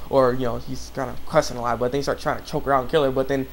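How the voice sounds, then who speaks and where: A man's voice: medium pitch, little pitch movement, very fast, few pauses, slight background noise. A young man casually recapping an anime episode, rambling with many restarts and fillers. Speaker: anime reviewer.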